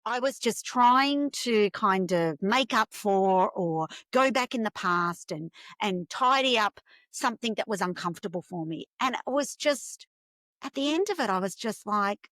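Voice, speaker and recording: A woman's voice: medium pitch, unhurried, no room sound. A woman, a podcast guest telling a personal story with feeling and acting out the voices of the people in it. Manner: animated, acts out dialogue in quoted voices.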